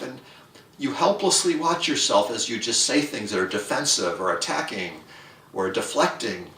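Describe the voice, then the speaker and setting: A man's voice: expressive, normal speed, sharp tone. A man giving a humorous, playful rant about spiritual practice, acting out inner voices. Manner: playful, acts out inner voices in a higher pitch. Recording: roomy echo, mic at a distance.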